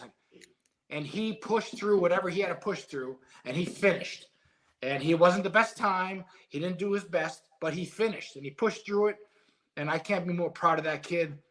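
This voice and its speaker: A middle-aged man, a former boxer being interviewed, who tells stories in a casual, animated and emotional way and swears freely. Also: high-pitched, normal speed. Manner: emotional, animated storytelling with profanity. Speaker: guest, former heavyweight boxer.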